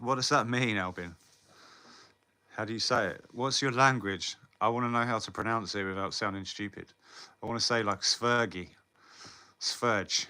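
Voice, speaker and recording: An English livestreamer chats loosely with his viewers, responding to their comments and swearing freely. His voice is a little low yet sounds bright and forceful.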